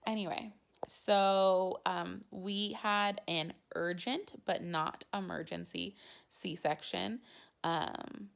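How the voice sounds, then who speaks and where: A young woman vlogging about her own experience, chatty and casual, with "like" dropped into nearly every phrase. Her voice sits on the lower side for a woman. It has a steady gravelly fry running through it. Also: slow pace. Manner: chatty, heavy use of "like" fillers. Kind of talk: casual personal storytelling.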